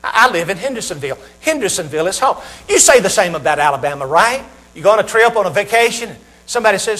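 A man with a Southern American accent preaching a sermon, asking his listeners questions and pausing for effect. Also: sits high, lively intonation, sharp tone. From Southern United States. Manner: rhetorical questions with dramatic pauses.

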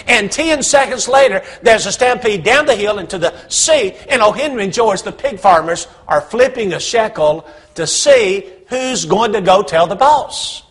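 A man's voice: high voice, fairly bright tone, breathy edge. A man preaching a sermon, telling a Bible story with humor and acted-out voices.

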